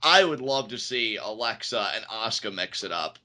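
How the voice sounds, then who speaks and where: A man co-hosting a wrestling podcast in casual chat, animated and quick to act out quotes in a higher voice. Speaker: podcast co-host.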